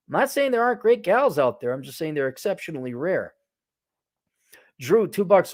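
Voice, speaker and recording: Blunt sarcastic man on a livestream. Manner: blunt, sarcastic, swears freely; lively swings in pitch and loudness. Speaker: livestream host reading viewer donations. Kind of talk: casual livestream commentary.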